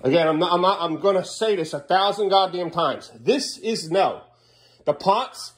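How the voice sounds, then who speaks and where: A man's voice: high voice, very animated, normal speed. A man in a casual vlog, scolding in an exasperated way and repeating the same stern words over and over. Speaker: vlogger.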